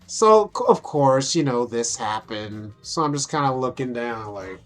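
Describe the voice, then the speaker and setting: A woman's voice: a bass voice, expressive, measured pace, soft background music. A young adult woman vlogging casually, brash and profane, amused at herself as she talks through photos. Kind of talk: casual vlog talk over photos.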